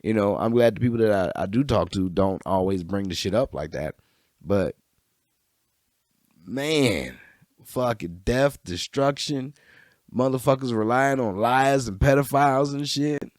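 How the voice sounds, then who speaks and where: A young adult man hosting a podcast alone, talking in a rambling, profane way with sudden animated outbursts. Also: medium pitch, a little slow, dry recording, clean studio sound. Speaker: podcast host. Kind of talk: casual solo monologue. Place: room by a bookshelf.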